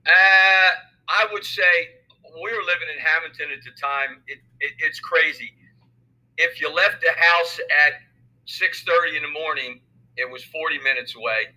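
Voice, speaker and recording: An older man, a football coach answering interview questions in a measured, thoughtful way. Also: a little high, bright, forceful tone, low-quality recording. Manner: measured, thoughtful, many fillers. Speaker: high school football coach. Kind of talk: interview conversation.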